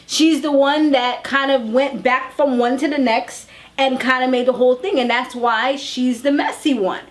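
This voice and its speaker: A woman reviewing a reality TV episode in a casual, chatty, slangy recap. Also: fairly high pitch.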